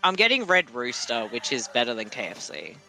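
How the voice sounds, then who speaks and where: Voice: mid-range voice, huge pitch swings, brisk, bright, forceful tone, faint music behind, poor audio. A co-host joking casually while reacting to a movie. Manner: playful, joking.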